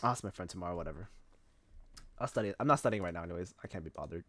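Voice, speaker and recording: Low yet a bit bright, this young man's voice comes rapid-fire while he streams live. His laid-back talk turns into rambling tales heavy on fillers and cursing.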